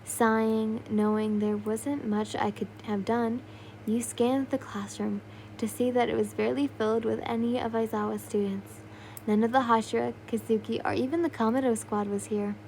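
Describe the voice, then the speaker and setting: A woman's voice: a little high, steady tone, normal speed, vocal fry, darkish tone, a little hiss or hum, low-quality recording. Casual young woman reading fan fiction. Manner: loose and unpolished, with yawns, slips and asides. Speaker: narrator.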